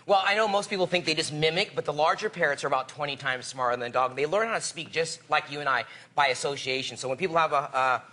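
A man, an exotic bird expert appearing as a talk-show guest, talking in an excited, playful way and often calling out loudly to his birds and the crew. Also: fairly high pitch, quick pace, few pauses. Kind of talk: lively talk-show demonstration. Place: TV studio with live audience. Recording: TV studio with loud audience and background noise.

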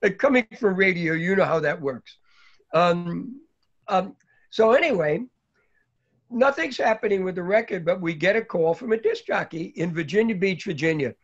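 A man's voice: high-pitched, animated, normal speed. An older man from New York telling a long, rambling story about his early days, with many fillers along the way. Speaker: guest speaker. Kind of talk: anecdotal storytelling. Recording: dull lo-fi recording.

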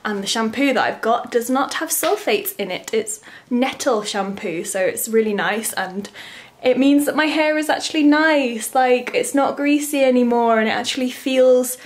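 A woman's voice: a little high, normal speed. A young woman, chatting casually to camera as a vlogger, rambling and full of filler words.

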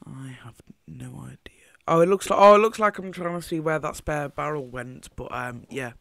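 A man's voice: fairly high pitch, animated, a little fast, a bit bright, no echo, clean studio sound. Rambling man narrating gameplay. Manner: meandering, thinking aloud. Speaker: Minecraft builder commentating his own footage. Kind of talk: casual gameplay commentary.

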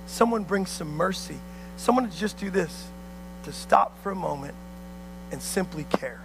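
A man's voice: high-pitched, lively intonation, moderate pace, vocal fry, background noise. A male pastor preaching a sermon in an emphatic, repetitive way, calling on the congregation to answer back.

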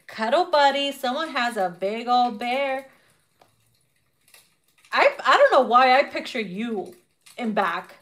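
Giving a casual tarot reading, a woman is brash and foul-mouthed, laughing frequently and animatedly acting out people's reactions. Her voice is medium-pitched and getting worn as she loses it, with slight background noise.

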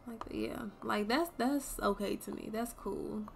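A young woman streaming a game, chatting casually to her viewers and swearing freely as she thinks out loud. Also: medium pitch, a little slow, creaky, a little hiss or hum. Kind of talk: casual gameplay commentary.

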